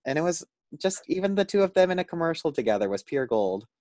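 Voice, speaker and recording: A man co-hosting a podcast in casual chat, delivering things enthusiastically with quick asides. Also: fairly high pitch, sing-song, a little mellow. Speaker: podcast co-host.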